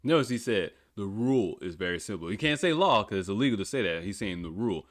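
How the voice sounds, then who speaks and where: A man's voice: fairly low pitch, big pitch swings, fast, no echo, studio quality. A man hosting a podcast in a casual, blunt way, swearing freely and laughing often as he talks. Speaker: podcast host. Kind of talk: casual talk.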